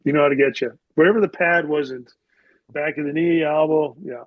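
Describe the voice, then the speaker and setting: A man's voice: fairly high pitch, steady tone, normal speed, dry recording, narrow, tinny audio. A middle-aged man telling stories as a podcast guest, rambling and swearing casually with lots of "like". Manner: rambling, profane, heavy use of "like". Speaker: podcast guest, former hockey player. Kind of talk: casual storytelling interview.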